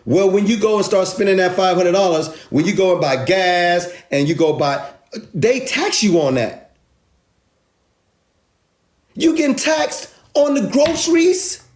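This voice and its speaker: A man's voice: high-pitched, lively intonation, unhurried. A man giving an emphatic, sarcastic, street-casual money rant with lots of repetition, recorded in an echoey room. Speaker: finance video host. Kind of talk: animated explainer rant.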